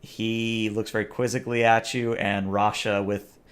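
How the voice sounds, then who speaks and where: A man narrating a tabletop game as game master, often pausing on "uh". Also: on the low side, level tone, smooth. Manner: hesitant, lots of filler "uh".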